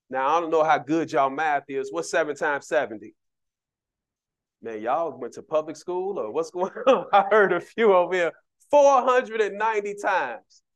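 Man preaching with a slightly raised pitch. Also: normal speed. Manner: humorous, conversational preaching with audience asides. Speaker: deacon preaching. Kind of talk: sermon. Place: church.

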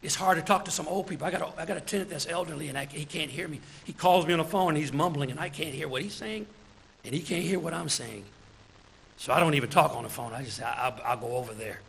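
A man preaching a sermon as a church deacon. He speaks in a lively way, chuckling between his points and calling out praise. His voice is high, bright and edged with gravel. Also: fast talker, rough recording.

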